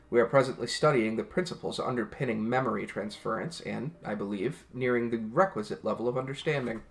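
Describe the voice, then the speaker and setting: A man's voice: medium pitch, close to an everyday voice. A man voicing an earnest, devoted male leader of a city, speaking formally and politely.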